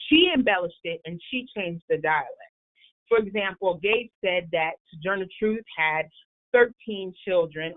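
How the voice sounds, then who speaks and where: A woman's voice: lowish voice, animated, normal speed. A woman presenter giving an explanatory history talk for a library program. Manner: explanatory, storytelling lecture. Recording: tinny phone-like line.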